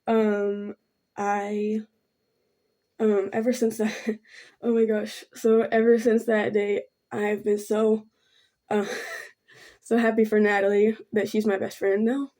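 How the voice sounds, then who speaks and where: Soft, halting young woman telling a story. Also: mid-range voice, little pitch movement. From Thailand. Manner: halting and rambling, full of ums and likes; soft and subdued, keeps apologizing. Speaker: vlogger. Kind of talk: casual storytime while doing makeup.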